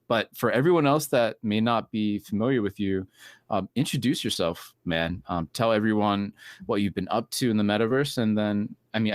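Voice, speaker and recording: A man's voice: on the low side, no echo, studio quality. A man hosting a podcast, introducing the episode and chatting casually with his guest in an upbeat way. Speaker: podcast host.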